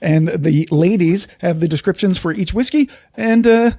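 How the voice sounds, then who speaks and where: A man's voice: sits high, normal speed, dark tone, no room sound, studio quality. A man hosting a podcast, joking and punning as he reads a mock-dramatic history. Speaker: podcast host. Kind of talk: casual chat and comic scripted history reading.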